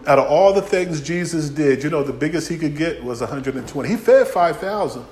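A man preaching a folksy sermon, swinging from shouts to near-whispers. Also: fairly high pitch, expressive, brisk, reverberant, slight background noise. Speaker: pastor.

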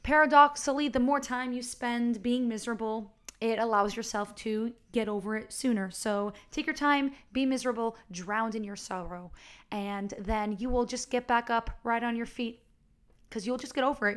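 A woman's voice: fairly high pitch, moderate pace, clean tone. A young woman hosting her own podcast, talking casually and rambling with fillers and restarts. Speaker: podcast host. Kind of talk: casual solo podcast talk.

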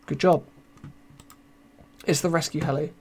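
With a fairly high, darkish voice that has a breathy edge and steady tone, a young British podcast host speaks at a measured pace in British English. He rambles through his casual live show, self-mocking and reading the chat aloud, sounding tired as his voice wears thin.

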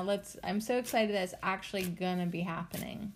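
A woman's voice: medium pitch, big pitch swings, moderate pace, slight background noise. A woman hosting a casual solo podcast, chatty and bubbly, rambling with lots of fillers and little giggles. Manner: loose, rambling talk with many fillers. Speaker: podcast host.

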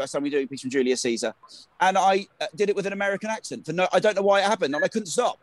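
Quick-talking man interviewing. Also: high voice, expressive, no echo. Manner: jokey, fast, filler-heavy storytelling. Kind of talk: casual podcast interview.

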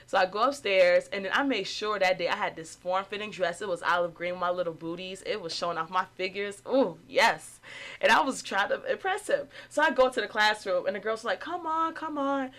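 Animated young woman telling a story. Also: a little fast. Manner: animated, acts out quotes in higher voices. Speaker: after-school program staff. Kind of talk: casual storytelling.

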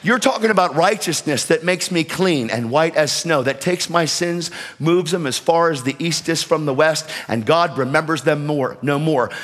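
A high-pitched male preacher delivering a fervent sermon, his voice ringing with a long hall reverb. He swings between shouted exhortations and quick, quieter storytelling, and his passion runs through every line. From United States.

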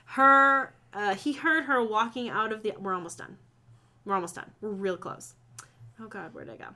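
A woman reads fan fiction aloud with friends in a bright, sharp voice. She keeps breaking off to joke and laugh between the lines. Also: mid-range voice, normal speed. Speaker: reader.

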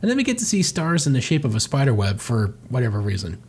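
A man's voice: medium pitch, wildly swooping pitch, fast, darkish tone. A man reading through a comic and commenting sarcastically, swearing casually. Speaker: comic reviewer.

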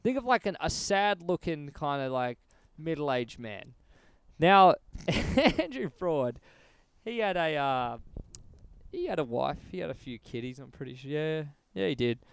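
Aussie male podcast host, smooth clear voice, dry close mic, swears and laughs through his stories. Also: fairly high pitch, very animated, unhurried, no echo. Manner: profane, laughing storyteller. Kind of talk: casual podcast chat.

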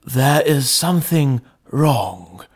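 A man voicing a frightened, anxious butler who speaks in a strained, pleading, hoarse way. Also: medium pitch, lively intonation, takes it slowly, voice pushed up. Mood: fearful. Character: frightened male butler, middle-aged, anxious and dogged.

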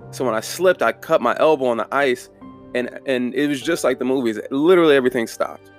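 Young man, candid storyteller, profane but reflective, faint music bed. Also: medium pitch. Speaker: vlogger telling a life story. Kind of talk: casual personal storytelling.

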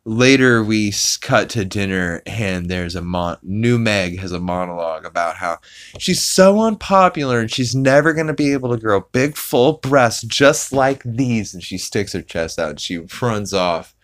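Man, podcast host, low voice, casual rambling recap, fillers. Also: lively intonation, moderate pace, a bit bright. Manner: rambling, many fillers, acts out quotes.

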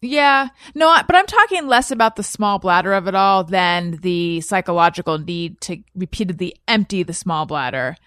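A woman's voice: on the low side, animated, normal speed, few pauses, a bit bright, no echo, clean studio sound. A woman in her thirties hosting a podcast, chatty and laughing often, reading listener posts aloud. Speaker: podcast host. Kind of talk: casual chat.

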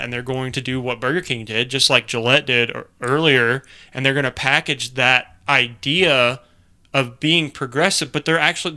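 A man chatting on a podcast in a loose, animated way, stacking up fillers as he works through his points. His voice is very bright and sharp-edged, and it comes across smooth and clean. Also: medium pitch. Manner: animated, rambling with many fillers. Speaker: podcast co-host. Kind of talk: casual political chat.

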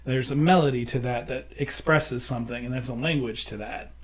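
A man's voice: medium pitch, fairly quick. Man explaining songwriting, casual. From United States. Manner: explains with sung examples. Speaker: songwriter and producer. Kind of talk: casual conversation.

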